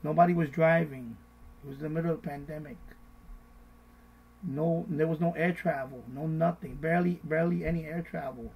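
Middle-aged guy on a finance stream, kinda high voice, gravelly and husky, says everything twice. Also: moderate pace, lo-fi sound. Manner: repetitive, animated, mocks panicked voices. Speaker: finance live-stream host. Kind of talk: casual investing advice live stream.

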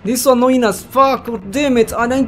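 A gaming channel host giving let's play commentary, swearing constantly and yelling at the game. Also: mid-range voice, a little fast. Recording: loud game music behind.

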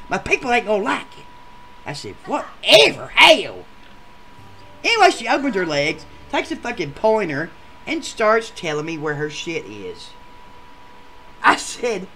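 A man's voice: high-pitched, sharp tone, breathy edge, exaggerated voice. A man voicing a crude, rowdy adult male gameshow contestant who rambles through a profane story in a comedic machinima.

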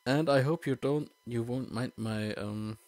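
A German-accented man speaks slowly and haltingly in English, filling his pauses with ums. He comments casually on a video game, plainly unsure of his English. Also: medium pitch, a little mellow, no room sound. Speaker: let's player.

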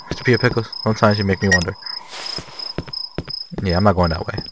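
A man giving jokey, panicky commentary while playing a horror game, often breaking into shouts. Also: on the low side, steady tone, moderate pace, noisy background. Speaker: let's play gamer. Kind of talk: gameplay commentary.

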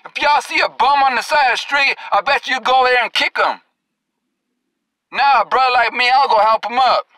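A man's voice: very high-pitched, normal speed, pushed and bright, no echo, rough recording. A male preacher delivering an angry, confrontational sermon, scolding and cursing at his listeners and drawing out scripture verses for emphasis.

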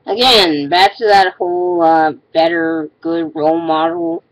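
A woman's voice: on the low side, steady tone, unhurried, hardly any pauses, no room sound, low-quality recording. A woman ranting in a casual vlog, exasperated and sarcastic, often stopping and restarting her sentences. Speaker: vlogger.

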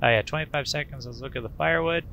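Gravelly, bright-voiced man rambling through gameplay. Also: medium pitch, very fast, slight background noise. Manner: rambling, folksy, with filler sounds like boop. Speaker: gaming channel host. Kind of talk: casual let's-play commentary.

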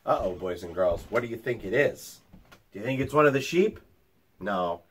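A teacher reading a picture book aloud to young children, with chatty asides to them. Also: male voice, on the low side, expressive, normal speed, a bit bright, slightly rough. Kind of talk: storytime read-aloud.

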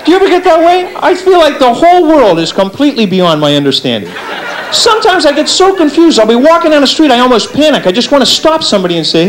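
High, lively stand-up comedian man. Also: fast talker, a faint crowd, slight background noise, low-quality recording. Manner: lively, animated delivery with big pitch swings and acted-out voices. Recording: live stage set with audience laughter. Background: faint audience laughter.

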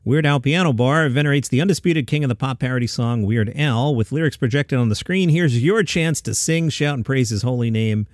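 A man hosting a daily comedy news podcast, reading listings and adding quick casual asides. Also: medium pitch, no room sound, studio quality. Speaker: podcast host.

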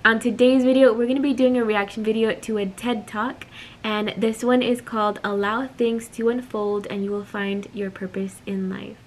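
A woman hosts her own video channel and speaks straight to the viewers in a friendly, chatty way. Her voice sits fairly high. She sets up a reaction video. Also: level tone, normal speed, a little hiss or hum. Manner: chatty, addressing viewers directly. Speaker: channel host.

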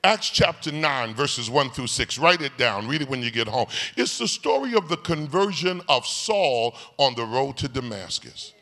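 A man preaching a live sermon as pastor, in an animated, folksy storytelling way, calling out to people in the congregation. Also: mid-range voice, normal speed, hardly any pauses. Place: large church sanctuary. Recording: echoey hall reverb.

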